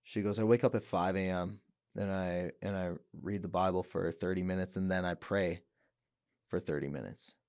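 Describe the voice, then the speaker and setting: A man's voice: low-pitched, fairly even intonation, normal speed, darkish tone, no echo, clean studio sound. A young man telling his story as a podcast guest, earnest, with restarts and quoted words. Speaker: guest, professional fighter. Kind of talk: emotional personal testimony. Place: podcast studio.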